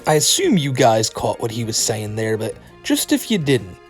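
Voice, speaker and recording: A man's voice: mid-range voice, wildly swooping pitch, moderate pace, faint music behind. Mocking, laughing commentary man. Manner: mocking, laughs often, swears freely. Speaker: commentary YouTuber. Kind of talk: casual commentary.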